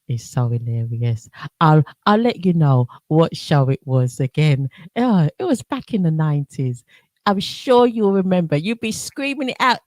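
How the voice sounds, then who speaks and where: Unhurried giggly woman radio host. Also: lowish voice, expressive, a little mellow, no echo. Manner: chatty, giggly and playful. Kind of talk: casual radio presenting.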